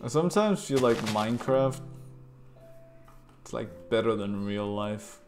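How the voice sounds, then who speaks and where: A man's voice: fairly low pitch, animated, measured pace, music in the background. Stammering, swearing young male gamer. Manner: stammering restarts, swearing, grumbling. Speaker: streamer. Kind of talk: casual gaming commentary.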